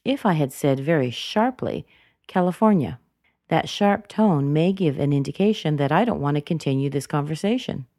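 A woman teaching English pronunciation, explaining intonation clearly and deliberately. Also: sits low, expressive, mellow, no room sound, clean studio sound. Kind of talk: scripted teaching narration.

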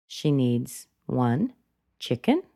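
A woman's voice: a bass voice, big pitch swings, drawn-out words, gravelly, warm tone, no room sound, studio quality. A woman teaching English pronunciation, explaining patiently and repeating words to show how the intonation rises and falls. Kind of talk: slow explanatory lesson.

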